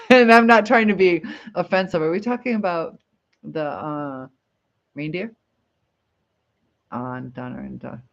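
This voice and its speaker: Lady doing a casual livestream, rambly, laughs a lot, kinda dull lo-fi sound. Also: low voice. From Michigan, USA. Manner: rambling, reads viewer comments aloud, laughs often. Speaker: livestream host. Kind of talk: casual live chat.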